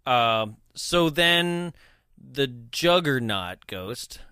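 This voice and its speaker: A man's voice: mid-range voice, animated, drawn-out words, sharp tone, smooth, no room sound, clean studio sound. A man co-hosting a casual movie chat, rambling with frequent laughs and tag questions. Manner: laughs often, rambling, lots of "right?". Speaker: podcast co-host.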